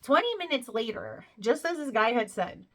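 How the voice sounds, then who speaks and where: A woman's voice: on the high side, sing-song, moderate pace. A woman talking casually to her viewers, chatty and conversational, often checking in with "you know" and "right?". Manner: laughs while telling the story. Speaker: spiritual video creator. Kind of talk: casual monologue to camera.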